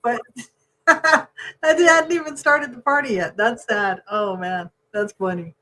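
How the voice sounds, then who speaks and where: A middle-aged woman co-hosting a podcast, chatting casually and telling animated stories with frequent laughter. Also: fairly high pitch, takes it slowly, rough recording. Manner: animated storyteller, laughs often while talking. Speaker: podcast co-host. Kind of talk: casual chat.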